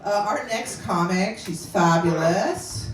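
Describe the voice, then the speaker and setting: A woman's voice: mid-range voice, takes it slowly, noisy background. A woman hosting a stand-up show in a basement club, brash and joking between acts. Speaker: comedy show host. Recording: echoey room from far off, crowd behind.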